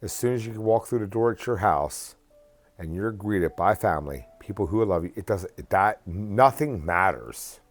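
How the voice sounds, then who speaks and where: A man's voice: sits low, lively intonation, moderate pace, soft background music. A man giving casual, earnest advice in a rambling rant that often repeats and restarts phrases. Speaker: vlogger.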